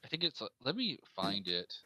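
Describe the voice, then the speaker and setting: A man's voice: fairly low pitch, huge pitch swings, brisk, pushed and bright, rough recording. A man talking with a collaborator over a voice call, hesitant and a bit puzzled. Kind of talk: casual call chat. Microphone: voice chat over the internet.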